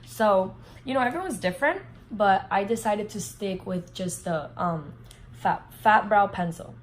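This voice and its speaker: A woman's voice: medium pitch, measured pace, a little hiss or hum, poor audio. A young woman vlogger telling a casual storytime, full of fillers and swearing. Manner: animated, heavy filler words, swears freely.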